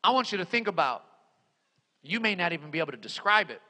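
A male preacher with a very high, bright and forceful voice delivers a sermon. He repeats his phrases and swings between loud, emphatic lines and near-hushed ones. His voice rings with a long hall reverb. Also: very animated, fast, husky.

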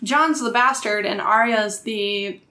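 A woman's voice: mid-range voice, slow pace, pushed and bright, roomy sound. A woman co-hosting a casual book podcast, laughing easily and chatting. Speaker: podcast co-host.

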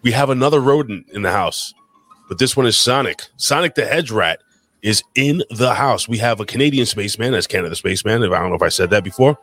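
A man hosting a live podcast, reading out chat shout-outs in a loose, crude showman style. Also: fairly low pitch, fast talker. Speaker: podcast host. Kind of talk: casual live podcast banter.

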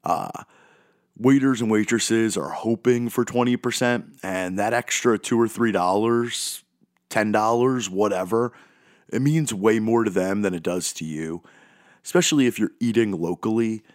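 A man's voice: lowish voice, unhurried, no echo, clean studio sound. A man hosting a podcast, talking in a rambling, self-deprecating, goofy way. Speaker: podcast host. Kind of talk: casual monologue.

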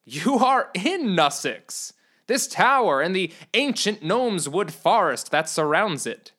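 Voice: mid-range voice, sing-song, takes it slowly, a bit bright, full character voice. A storyteller voicing a boastful, oblivious young male knight in a comedy storybook, declaiming each line grandly and stretching out the words. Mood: grandiose. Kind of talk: storybook reading.

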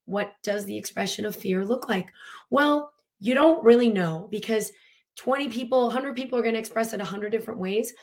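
A woman speaking as a coach in a casual teaching talk about emotions. She is animated and earnest, laughing often, using many fillers, and breathing and sighing audibly to demonstrate. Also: a little high, fairly quick.

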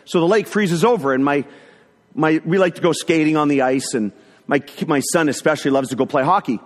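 A middle-aged man telling a personal story in a sermon, animated, acting out the voices of people in it. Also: fairly high pitch, brisk. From northern Ontario, Canada. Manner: animated storyteller who acts out quotes. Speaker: speaker sharing a testimony. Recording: echoey hall.

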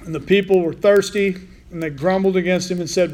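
High-voiced man preaching conversationally. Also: brisk, darkish tone. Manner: informal, asks the listeners questions. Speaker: preacher teaching the Bible. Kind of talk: conversational sermon.

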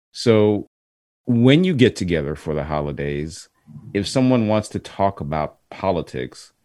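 A man's voice: deep voice, darkish tone, dry recording, studio quality. A man hosting a podcast, chatting and asking long set-up questions. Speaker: podcast host. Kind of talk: podcast interview.

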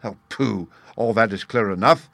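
A man reading the part of a sharp, impatient male detective with a brisk, incisive delivery. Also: mid-range voice, lively intonation, no room sound, natural voice.

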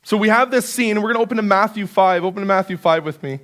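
A pastor preaching a sermon in church, earnest and conversational, building emphasis through repetition. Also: male voice, high-pitched, quick pace, a bit bright. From Canada. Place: church sanctuary.

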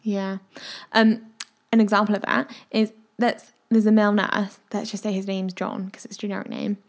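A woman's voice: medium pitch, little pitch movement, moderate pace. A woman junior doctor in casual podcast chat, telling stories and acting out what people said. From United Kingdom. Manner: chatty storyteller, acts out quoted lines.

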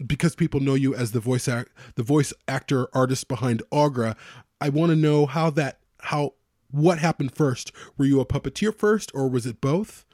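A man hosting a podcast, asking eager, halting questions in casual chat. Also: a little high, darkish tone, no room sound, clean studio sound. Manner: enthusiastic, halting, restarts his questions. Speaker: podcast host.

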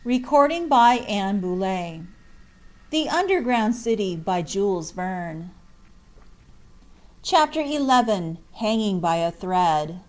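A woman reading a classic novel aloud as an audiobook, in a clear, measured, expressive narration. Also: mid-range voice. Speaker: audiobook reader. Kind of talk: scripted narration.

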